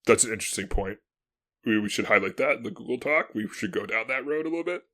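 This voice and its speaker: Animated man chatting casual history. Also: lowish voice. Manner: animated, acts out historical figures in quick asides; laughs often. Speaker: podcast co-host.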